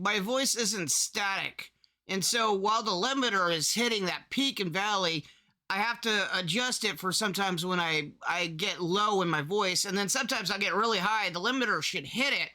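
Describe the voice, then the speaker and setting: Bright, high-pitched man explaining audio levels. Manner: rambling, restarts often, demonstrates his loudness levels. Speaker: content creator explaining audio setup. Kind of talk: casual screen-recorded tutorial.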